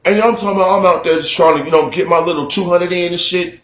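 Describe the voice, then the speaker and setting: Profane, animated man in an echoey room. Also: high voice, fast. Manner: animated, profane, mimics shouting at a neighbor. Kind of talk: casual storytelling to camera. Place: basement room at home. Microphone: camera mic.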